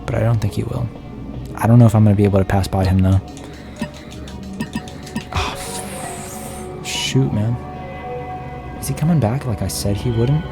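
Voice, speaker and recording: A gravelly, fairly low-voiced man streams a horror game late at night, hushed and tired, rambling and joking at his own expense to chat. He speaks at a moderate pace with long pauses, over background music.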